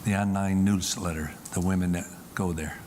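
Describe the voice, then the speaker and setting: A man's voice: deep voice, fairly even intonation, normal speed, darkish tone, in a large hall, slight background noise. A man giving an emphatic public talk from a stage to a live audience, often repeating key lines for effect. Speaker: Christian speaker.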